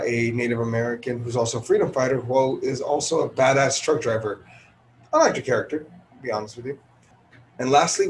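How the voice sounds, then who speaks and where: A man's voice: mid-range voice, slight background noise. Tired chatty man reviewing a movie. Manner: chatty, loose, many ums and restarts. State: tired, early morning. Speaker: podcast host reviewing movies. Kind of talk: casual solo movie review. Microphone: headphone podcast recording.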